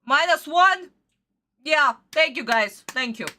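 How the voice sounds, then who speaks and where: A woman's voice: high-pitched, lively intonation, takes it slowly, pushed and bright. A woman streamer ranting through a casual live reaction to a cartoon episode, exasperated and swearing a lot.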